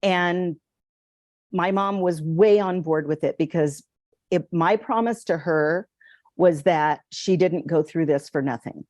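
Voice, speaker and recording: An older woman with a lower voice speaks earnestly as a guest on a chat show. She tells her story with animation, and the sound is dry and close. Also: takes it slowly, darkish tone, no echo. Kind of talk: casual chat.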